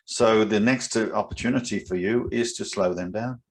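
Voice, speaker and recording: Chatty British man in his sixties, low-voiced. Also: moderate pace, a little hiss or hum. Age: 60s. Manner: chatty storyteller, laughs often, acts out quotes. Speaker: martial arts instructor, podcast co-host. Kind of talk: casual chat.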